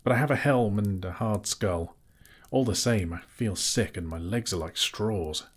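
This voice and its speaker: A man's voice: on the low side, unhurried, breathy edge. A man voicing a bruised, wry male hobbit who is shaken after a battle. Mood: weary. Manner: wry, self-mocking.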